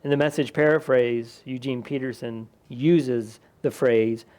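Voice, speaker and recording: A man's voice: medium pitch, fairly even intonation, measured pace, a little mellow. A man, a pastor, preaching a conversational sermon in a church, lifting his voice when he quotes the people in the scripture. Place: church sanctuary.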